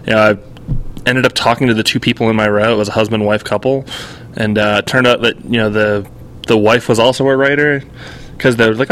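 A man's voice: lowish voice, quick pace. Rambling man on a podcast. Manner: rambling, heavy use of "like", animated retelling. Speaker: podcast co-host. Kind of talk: casual chat.

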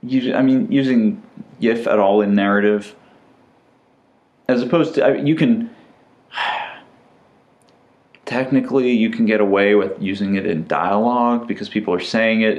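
A middle-aged man co-hosting a podcast in casual chat, relaxed and rambling, with many fillers and restarts. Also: on the low side. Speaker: podcast co-host.

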